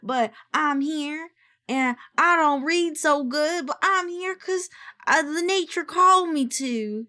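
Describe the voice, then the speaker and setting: A woman voicing a simple-minded, easygoing male country creature with a country accent, halting and restarting his words. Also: high-pitched, bright, forceful tone, voice pushed up, exaggerated voice. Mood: cheerful.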